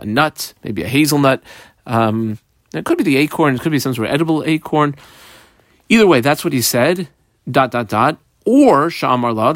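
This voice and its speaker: A man's voice: mid-range voice, dry recording, studio quality. A man teaching a Talmud page line by line, explaining the text while marking it up aloud.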